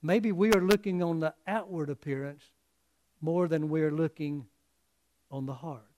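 A man preaching a sermon in an earnest, halting way, often repeating words as he restarts. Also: a little high, fairly even intonation, a little mellow.

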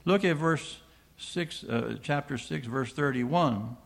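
A man's voice: medium pitch, expressive, moderate pace, creaky. An older man preaching a sermon, reading scripture aloud and asking his listeners questions he then answers himself. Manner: emphatic, asks the congregation rhetorical questions.

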